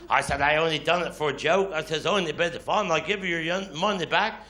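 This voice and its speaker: A fast-talking man from Cornwall with a fairly high, sharp voice delivers live stand-up to an audience. He tells dialect stories, quoting grumbling voices, while laughter rises from the crowd.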